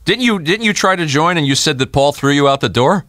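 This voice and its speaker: A man's voice: on the high side, lively intonation, fairly quick, fairly bright tone, no echo, clean studio sound. A man hosting a podcast, eagerly prompting his guest with questions and reactions in a casual interview. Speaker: podcast host.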